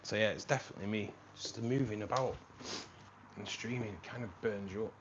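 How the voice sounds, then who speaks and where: Streaming from his home room, this host talks casually with his audience, reads out their messages and addresses them as mate, though his voice is starting to tire. He speaks fairly quickly in a fairly low, fairly even tone. The audio is lo-fi with noise in the background.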